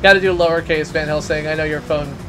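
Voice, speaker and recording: Man, game streamer, casual rambling chat, loud ranting, high voice. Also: fairly even intonation, fast talker, over music.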